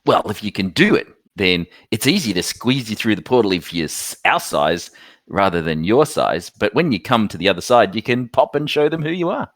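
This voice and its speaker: A man's voice: on the low side, big pitch swings, normal speed, fairly bright tone, no echo, clean studio sound. A man playing a tabletop game, persuasive and chuckling as he talks. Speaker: player. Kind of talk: in-character tabletop play.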